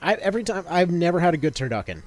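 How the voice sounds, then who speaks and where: A man's voice: a little high, very animated, racing, soft background music. A man in his thirties chatting casually as he streams a game, rambling with lots of fillers and restarts. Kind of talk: casual gameplay commentary.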